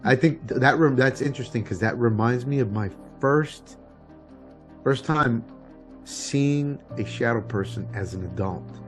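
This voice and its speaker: A man hosting a casual podcast, talking in a relaxed, halting way with frequent restarts. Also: medium pitch, faint music behind. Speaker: podcast host.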